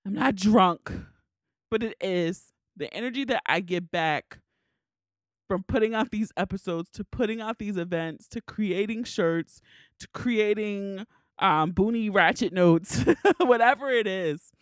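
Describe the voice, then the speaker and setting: A woman's voice: medium pitch, a little slow, no room sound. Woman, solo podcast host, teary, emotional, candid, dry close mic. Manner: emotional, candid, swears casually. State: tearful, crying.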